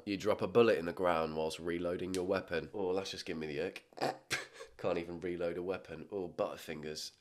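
A British man hosting comedic reaction commentary, husky and sick, with a crude, sarcastic manner. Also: deep voice, fairly even intonation, fairly quick. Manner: crude, sarcastic, swears freely. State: ill, slightly out of breath. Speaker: commentary host.

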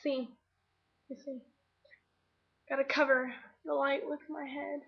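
High-voiced woman rambling into a webcam. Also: level tone, takes it slowly, vocal fry. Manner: chatty and dramatic, with lots of "like" fillers. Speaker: vlogger. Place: indoors at home. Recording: slightly muffled webcam audio.

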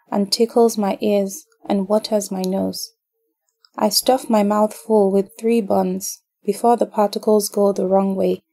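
A woman from Nigeria narrating a first-person horror story in a calm, scripted reading. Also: mid-range voice, creaky.

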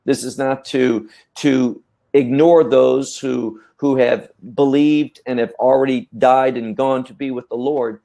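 Slow, low-toned man teaching scripture. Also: fairly even intonation, gravelly, dark tone. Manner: measured, emphatic, repeats words while thinking. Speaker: Bible teacher. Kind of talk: teaching talk.

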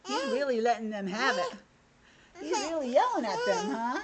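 A woman's voice: on the high side, moderate pace, background noise. A young woman teacher reading a picture book aloud to children over a video call, with chatty asides. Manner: animated, chatty asides to kids.

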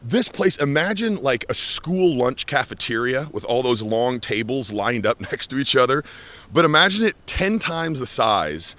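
A young man from the United States, a life skills coach, tells a story in a lively vlog style and acts out the voices of the people he quotes. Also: mid-range voice, normal speed.

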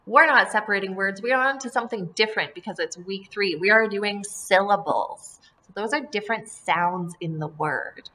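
A woman teaching a phonics lesson to young children, modeling words slowly and repeating them in a sing-song, encouraging way. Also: mid-range voice, sharp tone. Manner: slow, drawn-out word modeling, sing-song repetitions; encouraging, addresses children as friends and folks.

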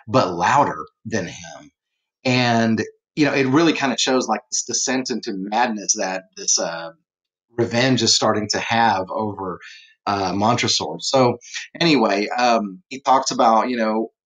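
A man's voice: medium pitch, fairly bright tone, husky, low-quality recording. A man teaching a literature lesson in a casual, rambling way, with lots of fillers as he retells a story. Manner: rambling, conversational, many fillers.

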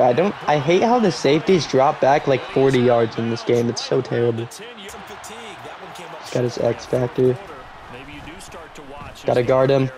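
This gaming YouTuber, a young man with a mid-range voice, provides live commentary on a football video game he's playing. He grumbles when things go wrong and cheers loudly on big plays.

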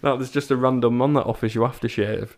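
A young podcast host tells stories in casual, chatty conversation, laughing and stammering into restarts. His mid-range voice moves at a quick pace with fairly even intonation.

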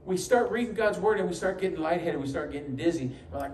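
In a church sanctuary, a pastor from New York delivers a sermon full of stories and humorous asides, acting out the voices he quotes. His fairly high voice is expressive and quick. A distant mic in the echoey hall picks up faint ambience and a noisy background.

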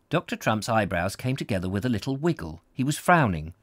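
Lively man reading a novel aloud. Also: sits low, a little fast, few pauses, no room sound, studio quality. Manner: expressive reading with small slips. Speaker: narrator. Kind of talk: audiobook reading.

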